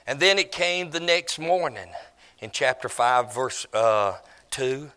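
A man's voice: mid-range voice, sing-song, slow pace, bright, forceful tone. A man preaching a storytelling sermon in a folksy, musing, chatty way.

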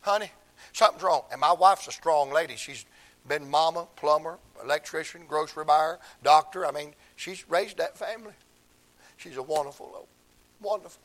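An older man, preaching a sermon through emotional stories, swinging from hushed tones to shouts. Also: a little high, moderate pace.

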